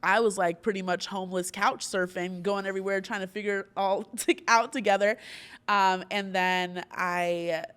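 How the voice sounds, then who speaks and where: A young woman hosting a podcast, telling stories in a chatty, animated way, full of "like" fillers and laughs. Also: mid-range voice, normal speed, clean tone. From Florida, US. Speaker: podcast host. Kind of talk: casual podcast chat.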